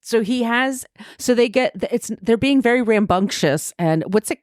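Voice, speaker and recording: A woman's voice: fairly high pitch, animated, moderate pace, dry recording. Woman chatting about a kids book, laughs a lot, dry close mic. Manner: chatty, laughs often, retells the story warmly. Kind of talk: casual book discussion.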